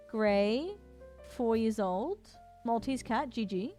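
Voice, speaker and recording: A woman's voice: a little high, animated, unhurried, dark tone, faint music behind. A woman streamer chatting casually with her viewers, gushing and cooing as she talks to them. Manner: gushing, cooing over cats, talking to chat. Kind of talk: casual live-stream chat.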